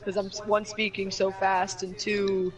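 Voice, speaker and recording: High-voiced teasing gamer guy. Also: monotone, normal speed, rough recording. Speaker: gaming friend. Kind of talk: casual gaming chat.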